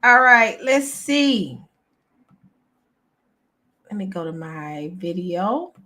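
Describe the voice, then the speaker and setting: A woman's voice: medium pitch, sing-song, very slow, bright, forceful tone. A woman, hosting a casual chat for her viewers, exasperated and chatty, calling them y'all. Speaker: channel host.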